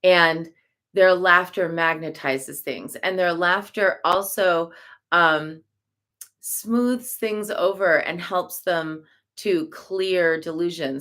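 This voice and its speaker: A woman giving a relaxed spoken teaching, slow and searching, with fillers and soft laughs and chanted syllables as examples. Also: sits low. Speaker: Buddhist teacher.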